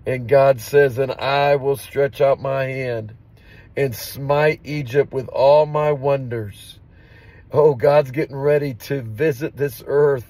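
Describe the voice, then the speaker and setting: Male preacher, devotional reading and prayer, fervent, mid pitch. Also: dark tone. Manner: fervent preaching, with repeated amens.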